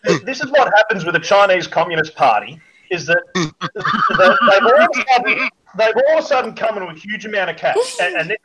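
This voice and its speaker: A man's voice: sits high, noisy background. An Australian man ranting in a crude, mocking way, firing off insults as a guest on a chat show.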